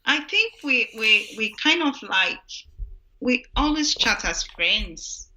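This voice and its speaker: A woman with a Scottish accent, a guest giving short, measured answers in a casual interview. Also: fairly high pitch, big pitch swings, pushed and bright, low-quality recording. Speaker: guest entrepreneur.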